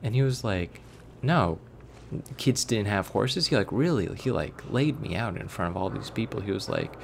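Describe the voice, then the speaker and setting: A Florida man doing let's play commentary chats casually over a video game, rambling and sarcastic as he wanders off into side stories. His low voice carries a gravelly fry with a faint hiss in the background. He sounds expressive and talks fairly quickly.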